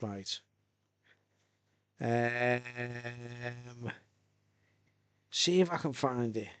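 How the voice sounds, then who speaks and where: Speaking very slowly in a clear, resonant, medium-pitched voice, this Birkenhead man with a Merseyside accent chats casually on his live stream. He sits in a soundproof-tiled tent at home, tags "right?" onto his sentences often, and the recording is dry.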